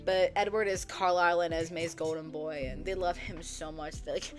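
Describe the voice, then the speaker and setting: A woman's voice: lowish voice, steady tone, normal speed. A young woman casually retelling a book story from memory, swearing freely and acting out the characters' lines. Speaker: book vlogger. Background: soft background music.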